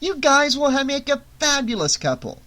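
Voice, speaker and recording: A reader voicing a crude, teasing teenage girl in an audiobook, loud and shrill in quick bursts. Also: sing-song, exaggerated voice. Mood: gossipy. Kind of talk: audiobook character voice.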